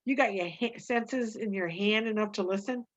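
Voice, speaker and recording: A woman reading the lines of a calm, respected ranch hand in a firm, plain way. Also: medium pitch, moderate pace, highs cut off, lightly acted.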